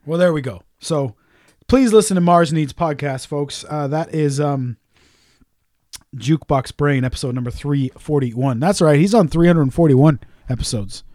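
A man's voice: on the high side, normal speed, mellow, no room sound, studio quality. A man co-hosting a podcast, joking and swearing in casual crude banter. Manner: joking, profane, teasing. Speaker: podcast host.

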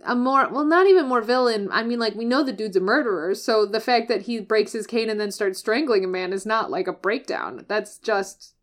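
A woman in relaxed conversation, thinking out loud about a game's story. Her voice is a touch high, and she talks in a loose, conversational way. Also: fairly quick, few pauses. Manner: conversational, analytical, laughs often. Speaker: podcast co-host. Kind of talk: casual chat.

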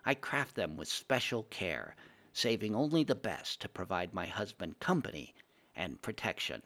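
A man's voice: low-pitched, big pitch swings, normal speed, fairly bright tone, exaggerated voice. A man voicing a scheming, wary old widow in a storybook reading, sweet on the surface with an odd tone. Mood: odd sweetness.

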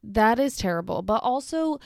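A woman's voice: fairly high pitch, lively intonation, moderate pace, gravelly, dry recording. Young woman, casual storytime chat, blunt, swears a lot, dry close sound. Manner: blunt, incredulous, swearing freely. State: pregnant. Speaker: storytime creator. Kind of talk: casual chat reading stories aloud.

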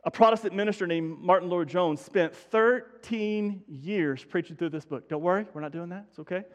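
High-voiced folksy pastor preaching. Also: male voice, normal speed, big-room sound. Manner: folksy, self-deprecating, many restarts. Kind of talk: sermon. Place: church sanctuary.

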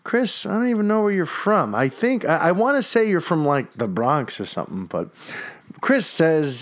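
New guy running a podcast, swears a lot, rambles, voice on the higher side. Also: big pitch swings, brisk. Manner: profane, rambling, enthusiastic. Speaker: podcast host. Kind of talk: casual podcast chat.

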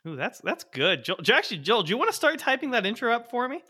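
Bright-voiced man hosting a game podcast. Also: very high-pitched, sing-song, fast talker, slightly rough. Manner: laughing, exasperated, stop-start. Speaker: game master and host. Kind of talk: casual podcast intro.

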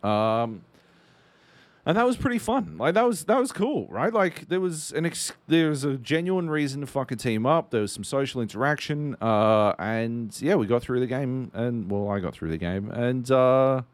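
A man's voice: medium pitch, expressive, normal speed, no echo. A man co-hosting a podcast in casual chat, telling a rambling story with plenty of swearing. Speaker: podcast co-host.

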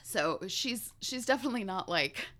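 Bright-voiced woman recapping a story. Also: mid-range voice, animated, normal speed. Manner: chatty, laughs often while recounting the story. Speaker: podcast co-host recapping a book chapter. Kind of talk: casual chat.

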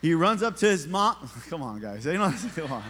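A middle-aged man preaches in a church sanctuary, his voice a bit high for a man. He tells stories with easy humor and keeps checking in with the crowd. A long reverb trails each phrase. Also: sing-song, normal speed, a bit bright, slight background noise. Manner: casual storytelling preaching with humor, talks to the congregation. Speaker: pastor. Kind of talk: sermon.

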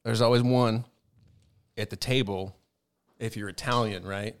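A man's voice: fairly low pitch, fairly even intonation, unhurried, clean tone. A man chatting casually on a comedy podcast, ranting and joking with friends and laughing often. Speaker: podcast co-host.

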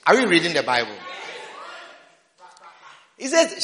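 A man preaching a sermon, repeating his phrases and breaking into shouts, recorded in a church. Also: very high-pitched, lively intonation, unhurried. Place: church sanctuary. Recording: roomy hall reverb.

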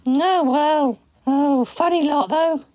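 A woman with a high voice chats slowly and dottily through a comedy improv sketch. The sound is dry and close. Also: mellow, dry recording, lo-fi sound. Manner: dotty, rambling comic chatter.

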